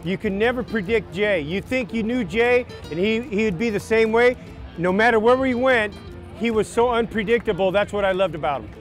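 A man's voice: sits high, normal speed, soft background music. A man fondly describing a friend in a documentary interview.

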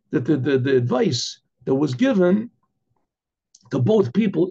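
Rabbi telling a story, husky dark voice, keeps clearing his throat. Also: high voice, dull audio. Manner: halting, repeats words, clears throat often. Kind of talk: oral storytelling.

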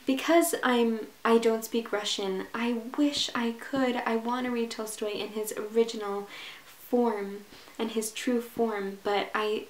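In a casual reading vlog, a woman enthusiastically chats about a book she's beginning, restarting and using fillers as she gushes. Her voice is a little high, steady, and a bit slow, heard through a reverberant, rough recording.

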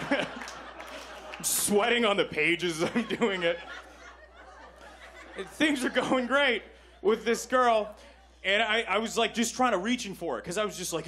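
A young man from Canada doing a stand-up set in a comedy club, self-deprecating and switching into quick voices for the people in his stories. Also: sits high, bright, forceful tone. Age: 20s.

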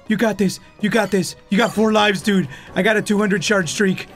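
A man's voice: a little high, moderate pace, few pauses, music in the background. A man with a Mexican accent doing let's-play commentary, swearing and screaming in panic. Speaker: gaming YouTuber.

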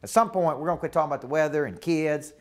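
A man's voice: fairly high pitch, rapid-fire, a little mellow. A man with a Southern US accent teaching a live coaching seminar, emphatic and repetitive, often checking that the room follows him. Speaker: business coach.

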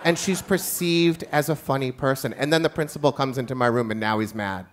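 Male teacher, live storytelling, dry comic timing, ordinary mid pitch. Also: a little fast, slight background noise. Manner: wry, comic, self-mocking. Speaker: teacher telling a personal story. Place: live stage event.

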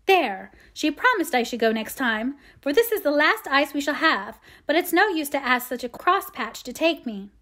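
A woman's voice: sits high, very animated, moderate pace, few pauses, sharp tone, pitched above the performer's own voice, full character voice. A woman reading aloud, voicing a spoiled, sulky younger girl who talks petulantly.

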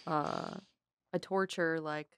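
A woman's voice: low-pitched, wildly swooping pitch, slow pace, gravelly, a bit bright, clean tone, no room sound, clean studio sound. A woman comedian guest on a podcast, chatting casually, rambling and laughing often. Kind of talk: casual chat.

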